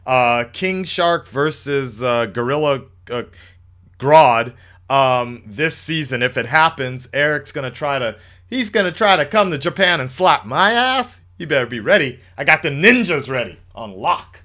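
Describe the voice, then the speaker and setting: A man's voice: mid-range voice, lively intonation, normal speed, pushed and bright. A man hosting a casual call-in livestream, chatting loosely with lots of fillers and restarts. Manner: chatty, laid-back, many fillers and restarts. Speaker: livestream host taking calls.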